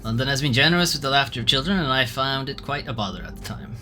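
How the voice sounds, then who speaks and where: A stiff, formal old miser who has turned repentant, voiced by a man reading game lines. His speech is old-fashioned and proper, bright in tone with lively pitch. Faint music plays behind. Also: fast. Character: miserly old man Ebenezer Scrooge, gruff but repentant. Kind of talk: reading game dialogue aloud.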